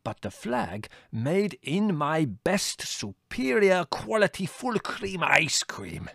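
A man's voice: mid-range voice, very animated, fairly bright tone, no room sound, clean studio sound, pitched above the performer's own voice, exaggerated voice. A man putting on a wailing café owner. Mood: dramatic. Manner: theatrical, wailing, slow and drawn out. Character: melodramatic Greek male café owner, despairing.

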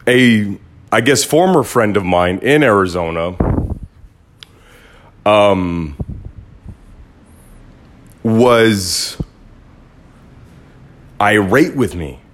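A man's voice: on the low side, drawn-out words, pauses often, slight background noise. A man hosting his own podcast, talking in a blunt, casual monologue with some swearing. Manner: blunt, swears, animated when quoting others. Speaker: podcast host. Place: Los Angeles.

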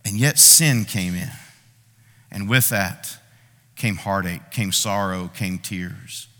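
A man preaching a sermon, acting out people's complaints to God with dramatic pauses. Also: sits low, pushed and bright. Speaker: pastor. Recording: long reverb of a large hall.

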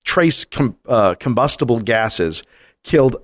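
A man co-hosting a podcast in casual chat, animated and rambling, laughing often and restarting his sentences. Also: medium pitch, measured pace. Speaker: podcast co-host.

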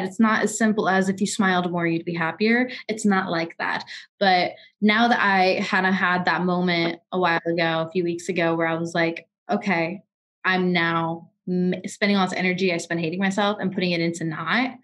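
A woman's voice: lowish voice, fairly even intonation, fairly quick, a bit bright. A woman in her twenties in casual podcast chat, telling personal stories candidly and often restarting her sentences. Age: 20s.

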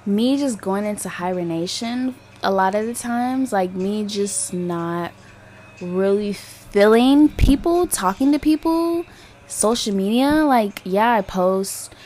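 A woman's voice: medium pitch, expressive, takes it slowly, darkish tone, slight background noise. A young woman hosting her own podcast, talking candidly and rambling with lots of fillers and swearing. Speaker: podcast host. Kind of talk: casual solo podcast monologue.

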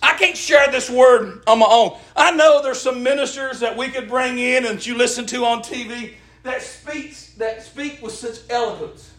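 Middle-aged preacher, very high voice, folksy, impassioned call-and-response sermon, roomy echo. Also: male voice, moderate pace, hardly any pauses. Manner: impassioned, rising to shouts, folksy. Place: church.

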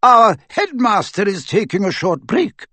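A stern, commanding older witch professor, as a male narrator plays her, clipped and bitter. The voice lifts a little higher and stays dry and close. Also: big pitch swings, a little slow, sharp tone, slightly rough, no echo, heavily acted. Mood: grim, commanding.

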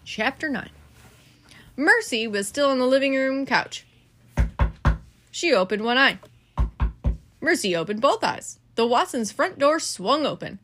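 A mother reading a bedtime storybook aloud to her child in an expressive, lively way. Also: sits high, a little slow, pauses often, slight background noise.

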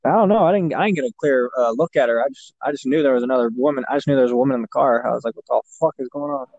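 A man's voice: medium pitch, racing, darkish tone, no room sound, lo-fi sound. A young man chatting casually, telling a long rambling story with lots of swearing and fillers. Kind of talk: casual chat.

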